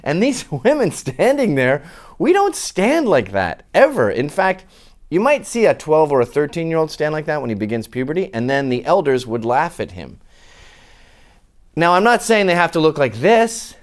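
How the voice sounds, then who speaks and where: A man ranting to camera in a sarcastic, mocking tone, his fairly high voice jumping all over the place. He plays each point for laughs and keeps the delivery animated. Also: moderate pace. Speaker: commentator. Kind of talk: comic opinion rant to camera.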